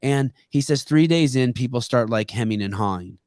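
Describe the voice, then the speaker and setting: A man hosting a podcast interview, asking questions in a halting way and often restarting them. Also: mid-range voice, a little mellow, dry recording, clean studio sound. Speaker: podcast host.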